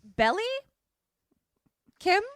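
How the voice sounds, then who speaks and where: A woman co-hosting a podcast in casual chat, retelling a film as an animated, joking storyteller who swears freely, on a remote call. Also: very slow, no echo, clean studio sound. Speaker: podcast co-host. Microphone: remote call setup.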